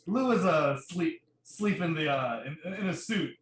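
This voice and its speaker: A man playing a tabletop game, describing his character's actions in a slow, drawn-out way. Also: fairly high pitch, lively intonation, crowd noise. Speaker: player. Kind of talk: casual in-character narration. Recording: roomy, echoey mic.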